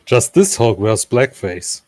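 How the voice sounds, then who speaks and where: A man in a casual chat, joking and teasing in quick banter. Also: mid-range voice, sing-song, darkish tone, no echo. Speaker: guest on a hobby stream.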